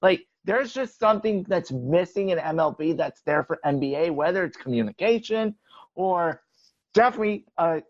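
A man's voice: high voice, lively intonation, moderate pace, dry recording, muffled recording. A young man co-hosting a casual sports podcast, explaining his view steadily and often saying "like". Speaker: podcast co-host.

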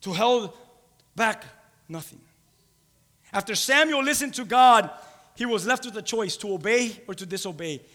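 A man's voice: sits high, fairly quick, sharp tone. A man preaching a sermon, emphatic and repeating key phrases for weight. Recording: long hall reverb.

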